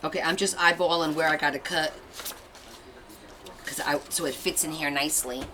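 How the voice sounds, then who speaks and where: A woman with a deep, bright, forceful voice speaks at normal speed with fairly even intonation while hosting a craft livestream. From a Portuguese family, she chats, tells stories while working, and reads viewer comments aloud. The recording is rough, with a little hiss or hum.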